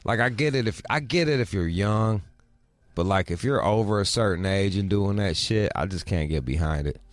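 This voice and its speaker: A man's voice: fairly low pitch, normal speed, dry recording. A middle-aged man co-hosting a casual podcast, talking bluntly with lots of swearing and mimicking people in his stories. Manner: blunt, swears often, mimics voices in anecdotes. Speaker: podcast co-host. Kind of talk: casual profane chat.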